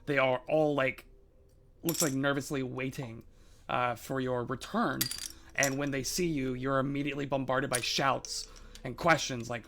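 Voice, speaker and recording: A man narrating a tabletop game as game master, halting with many fillers. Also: medium pitch, fairly even intonation, fairly bright tone, a little hiss or hum.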